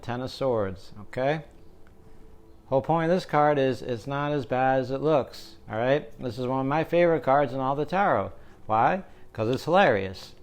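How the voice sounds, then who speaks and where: A young man giving a casual tarot reading, joking and rambling, often checking in with "right?". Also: medium pitch. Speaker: tarot reader.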